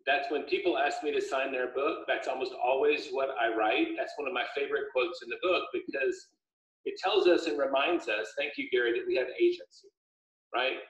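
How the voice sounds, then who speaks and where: A man, an author speaking as a guest, chatting casually on a video call with a steady, upbeat, explanatory manner. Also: medium pitch, a little fast. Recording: echoey room, dull lo-fi audio.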